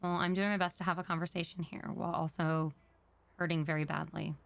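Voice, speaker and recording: A woman's voice: fairly low pitch, level tone, brisk, gravelly. A woman talking in character during a role-play, earnest and explaining herself at length.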